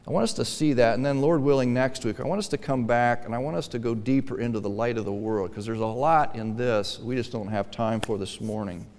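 A man pastor preaching a sermon in a church, emphatic, dropping to quiet asides and then pressing hard on key lines. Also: mid-range voice, fairly quick, few pauses, in a large hall.

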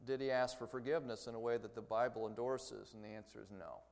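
A man's voice: medium pitch, fairly even intonation, quick pace, a little mellow. Man teaching in a reverberant hall. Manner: conversational, explains with story examples. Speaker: Bible teacher. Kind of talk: church lecture.

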